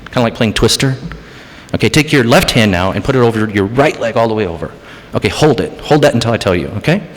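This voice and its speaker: A man's voice: on the low side, lively intonation, quick pace. A man preaching an interactive sermon as pastor, playful as he coaxes the congregation to join in. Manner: playful, coaxing congregation to participate. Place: church hall. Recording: long hall reverb.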